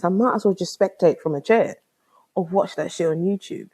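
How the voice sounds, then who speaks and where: A woman's voice: fairly low pitch, moderate pace, mellow, husky. A young woman with a London accent hosting her own podcast. She tells a story in casual slang, exclaims often and acts out both sides of a conversation. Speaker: podcast host.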